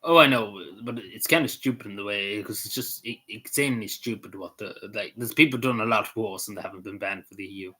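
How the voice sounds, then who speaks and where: Rambling Irish man, bright voice. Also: on the low side, fairly quick, hardly any pauses, slightly rough. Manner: meandering, swears casually, lots of fillers. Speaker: vlogger. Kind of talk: casual rambling commentary.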